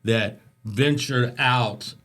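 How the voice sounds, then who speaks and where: A man's voice: medium pitch, drawn-out words. Chatty man telling a long anecdote. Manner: chatty, animated storyteller who acts out voices in anecdotes. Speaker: interview guest. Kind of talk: casual storytelling.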